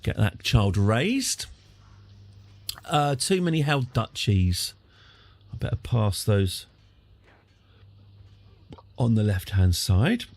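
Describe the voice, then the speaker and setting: A man's voice: lowish voice, lively intonation, slow, pauses often, darkish tone. A man streaming a strategy game live, chatting with jokey asides.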